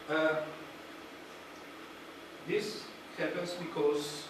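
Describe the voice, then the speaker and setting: A man with a slightly high voice gives a halting, filler-heavy lecture. He is recorded from a distance in a very echoey hall, and steady noise runs underneath him. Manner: halting, searching for words, many fillers. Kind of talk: public lecture.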